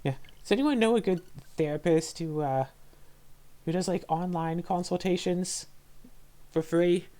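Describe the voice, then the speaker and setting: A woman's voice: fairly low pitch, a little slow, pauses often, dark tone. A young woman hosting a game playthrough, rambling and venting in a frustrated, sarcastic way as she plays. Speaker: let's play host. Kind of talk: casual commentary while gaming.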